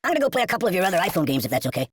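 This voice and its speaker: A woman's voice: lowish voice, sing-song, very fast, very noisy. A woman voicing Buddy, a chatty male ragdoll toy in a mobile game, trading cheeky quips and squealing when hurt. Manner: cheeky quips, then squealing cries of pain. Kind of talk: game character voice lines.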